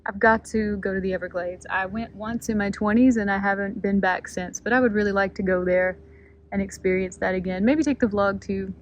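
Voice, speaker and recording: Filming on her phone camera while kayaking a creek, a woman gushes to her viewers in awe. Her voice is medium-pitched and steady and she talks fairly quickly, though the audio is poor with a little hiss or hum.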